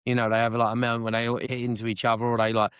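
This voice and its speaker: A man co-hosting a casual wrestling podcast, excitable and sweary, forever asking if you know what he means. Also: medium pitch, rapid-fire, clean tone, no room sound, clean studio sound. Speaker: podcast co-host. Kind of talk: casual wrestling review chat.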